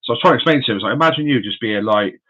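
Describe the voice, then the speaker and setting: A man's voice: medium pitch, expressive, rapid-fire, pushed and bright. A man hosting a casual live stream from his room of animal enclosures, chatty and friendly, calling his viewers mate and buddy. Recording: dull lo-fi stream audio.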